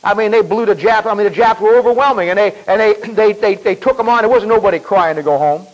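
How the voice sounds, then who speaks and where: A man preaching a sermon in a folksy, emphatic way, repeating himself and clearing his throat often. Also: high voice, quick pace, dull audio.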